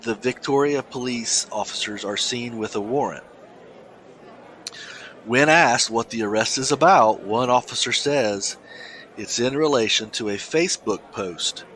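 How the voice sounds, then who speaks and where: A man co-hosting a casual podcast, talking in halting starts and restarts and reading a news story aloud. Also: mid-range voice, a bit bright. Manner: halting, many restarts, laughs easily. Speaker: podcast co-host.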